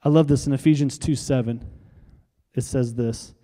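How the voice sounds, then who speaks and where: A man's voice: mid-range voice, fairly even intonation, moderate pace, dark tone, big-room sound. A male pastor preaching a sermon, driving his points home with emphatic repeated phrases and leading the congregation in call-and-response. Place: church sanctuary.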